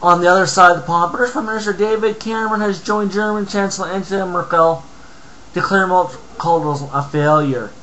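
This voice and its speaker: A man's voice: sits high, quick pace, sharp tone, a little hiss or hum, poor audio. A man reading a news article aloud and breaking off into angry, profane rants about it. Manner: profane, ranting, interrupts his own reading. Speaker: commentator reading and reacting to an article. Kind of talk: angry ranting commentary.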